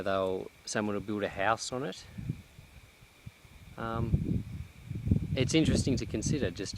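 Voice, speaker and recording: A man vlogging outdoors in a cleared pine forest, talking in a reflective, halting way with many restarts, a little out of breath. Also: fairly low pitch, very noisy. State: slightly out of breath. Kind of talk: casual vlog monologue. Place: outdoors in a cut-down pine plantation.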